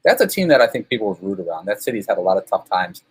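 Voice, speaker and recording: A man guest telling sports stories in a casual, animated, self-deprecating way. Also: lowish voice, rapid-fire, husky. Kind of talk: casual storytelling.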